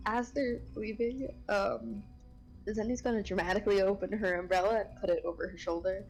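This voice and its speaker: A woman at a tabletop game describing her character's moves, pausing often on "um". Her pitch is ordinary. Faint music plays in the background. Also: steady tone, darkish tone, poor audio. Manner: halting, many "um"s while describing actions. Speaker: player. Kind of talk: casual tabletop role-play.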